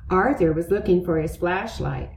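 A woman's voice: fairly low pitch, normal speed, echoey room, a little hiss or hum. Woman reading a storybook aloud. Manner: expressive, lively. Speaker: narrator.

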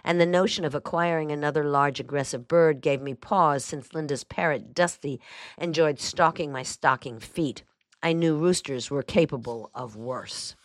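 A woman reading a first-person memoir aloud as a narrator, in a dry, even storytelling manner. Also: low-pitched, normal speed, dry recording. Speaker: audiobook narrator.

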